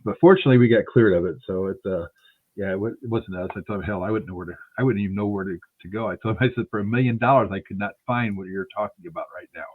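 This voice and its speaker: A husky man talks at a quick clip, spinning a rambling story and voicing each person in it. He sounds thin and tinny, as if he is coming in over a phone line. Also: lowish voice. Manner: rambling anecdotes, acting out the dialogue. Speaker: radio show host. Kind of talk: casual storytelling interview.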